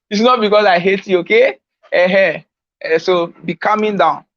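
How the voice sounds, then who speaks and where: A man's voice: high-pitched, normal speed, fairly bright tone, dry recording, dull audio. A Nigerian man giving an informal coaching talk on social media marketing, teasing his listeners and repeating his key points.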